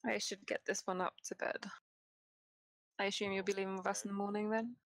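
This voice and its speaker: Gravelly, dry-sounding motherly figure voiced by a woman, calm and practical, for a tabletop game. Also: medium pitch, a little fast, no echo, natural voice. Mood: caring, practical.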